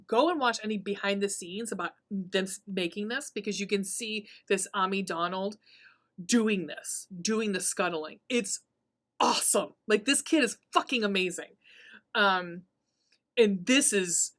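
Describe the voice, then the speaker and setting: A woman hosting a podcast, casually recapping a horror movie, swearing freely and laughing often as she tells the story. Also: mid-range voice. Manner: profane, laughing, animated storytelling. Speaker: podcast host.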